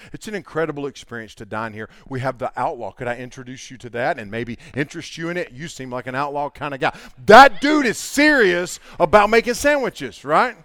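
A mid-range-voiced man, recorded with no echo, preaches a conversational sermon full of acted-out anecdotes. He tells stories animatedly, mimicking people in everyday dialogues to make his point.

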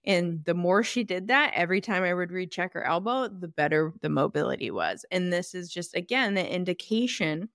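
A woman's voice: lowish voice, animated, moderate pace, few pauses, a bit bright, no echo, clean studio sound. A woman hosting her own podcast, explaining clinical work in a casual, emphatic way and correcting herself as she goes. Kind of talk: solo podcast talk.

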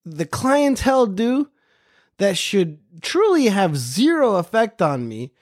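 A man's voice: high-pitched, big pitch swings, takes it slowly. A man hosting a podcast, telling a casual, profane story and repeating phrases for emphasis. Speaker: podcast host.

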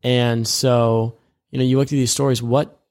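A man's voice: medium pitch, flat delivery, normal speed, a little mellow. A man co-hosting a faith podcast, chatting casually and retelling scripture scenes in everyday words, rambling and correcting himself as he goes. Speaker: co-host of a discipleship podcast.

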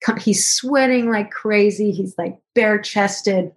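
A woman guest on a podcast recounts a personal story in an animated way. She acts out remembered conversations, and her voice leaps up high when she quotes people. Her pitch sits in the middle for a woman. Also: slow.

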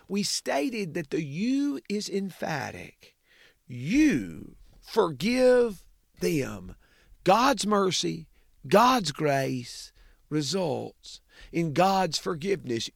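A man preaching a sermon, swinging from booming emphasis to hushed low drops. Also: creaky, no echo, clean studio sound.

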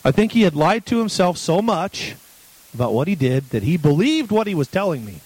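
A man's voice: a little high, very animated, brisk, darkish tone, husky, poor audio. A man in his forties giving a sermon as a guest preacher, telling a personal story in a candid, conversational way. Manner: candid, conversational, restarts when emotional.

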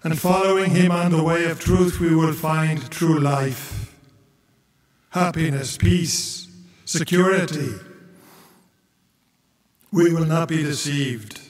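A male priest giving a homily in a slow, measured way, sometimes chanting the gospel reading. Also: on the high side. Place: church. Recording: echoey church from far off.

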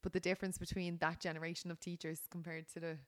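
A woman's voice: on the low side, level tone, fast talker, no echo, studio quality. A woman in her thirties with an Irish accent, co-hosting a casual podcast and telling stories with acted-out quotes. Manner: chatty storyteller, acts out quoted voices. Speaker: podcast co-host. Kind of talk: casual chat.

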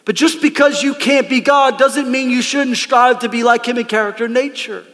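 A man preaching a lively, conversational sermon from a church stage, calling out to the congregation. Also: extremely high pitch, moderate pace, big-room sound. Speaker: pastor. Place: church sanctuary.

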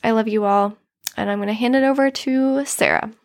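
A woman's voice: on the high side, fairly even intonation, a little fast. A woman hosting her podcast solo, talking earnestly and getting emotional as she speaks straight to her listeners. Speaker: podcast host.

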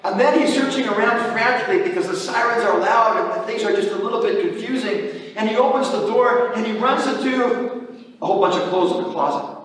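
A man's voice: high-pitched, fairly bright tone, recorded from a distance. A priest giving an earnest sermon, preaching in a conversational way and often repeating his phrases. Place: church. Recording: echoey church hall from afar.

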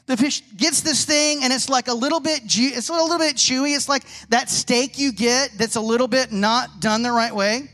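A man preaching a sermon to a congregation, telling animated stories and asking rhetorical questions. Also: very high-pitched, moderate pace, few pauses. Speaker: pastor.

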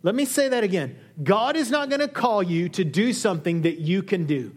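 Animated man preaching a sermon. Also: normal speed, few pauses. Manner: lively, acts out quoted dialogue with shifting pitch. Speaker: pastor. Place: church hall.

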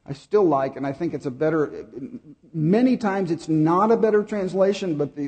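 A middle-aged man preaching a sermon, telling a personal story with pauses and repeated words. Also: fairly high pitch, lively intonation, warm tone. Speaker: pastor.

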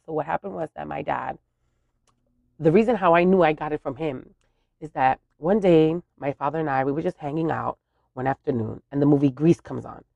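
With a low, gravelly voice, a podcast host casually recounts a humorous family story, chatty and animated, and laughs along at it herself. The recording is lo-fi, with no room sound.

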